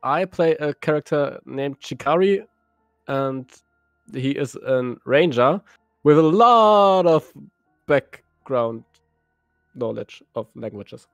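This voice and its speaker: A man's voice: on the high side, expressive, slow pace, creaky, a bit bright, dry recording, soft background music. A man, a new player and guitarist, introducing himself a bit shyly and hesitantly. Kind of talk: casual chat.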